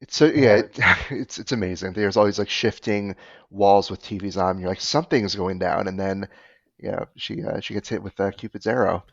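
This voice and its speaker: A man who is a guest horror critic, talking about a film in a relaxed, rambling way. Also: fairly low pitch, moderate pace, gravelly, no room sound, dull audio. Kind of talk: casual film discussion.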